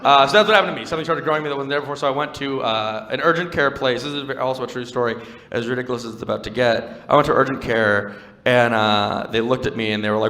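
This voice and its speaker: A young man performing stand-up on a stage mic, his bright, forceful voice carrying a long reverb through the venue. He talks conversationally and wryly, mixing self-deprecating stories with playful crowd work. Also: medium pitch, quick pace. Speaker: stand-up comedian. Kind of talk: stand-up comedy set.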